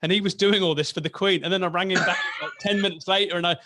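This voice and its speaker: A man's voice: sits high, fast, no echo, studio quality. A man from England with a light Yorkshire accent, hosting a podcast in casual chat and telling stories with lots of laughter. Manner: animated storyteller, laughs often, says "brilliant" a lot. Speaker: podcast host.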